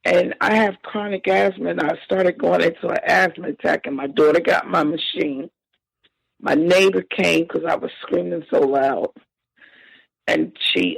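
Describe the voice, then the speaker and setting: A woman telling a painful family story as a podcast guest, halting and emotional with frequent restarts. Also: on the low side, creaky, husky, dry recording, low-quality recording. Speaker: victim's sister, interview guest. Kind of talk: personal account in a podcast interview.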